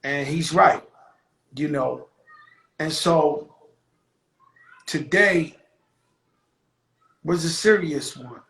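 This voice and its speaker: A man's voice: a little high, vocal fry, a bit bright. Heartfelt man in an echoey room. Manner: heartfelt, halting with repeated words. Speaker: host. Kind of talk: casual call conversation.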